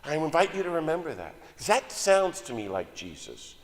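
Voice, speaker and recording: An older man preaching a lively, joking sermon as a guest speaker, swinging between loud exclamations and soft asides. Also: on the high side, moderate pace. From United States. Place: church sanctuary. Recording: long hall reverb.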